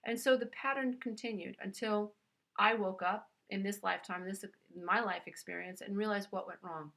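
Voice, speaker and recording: This woman, a self-help speaker with a New York accent, speaks directly to her listener in an earnest, emphatic motivational talk, calling them "dear one." Her mid-range voice is steady, creaky and fairly bright, at a moderate pace.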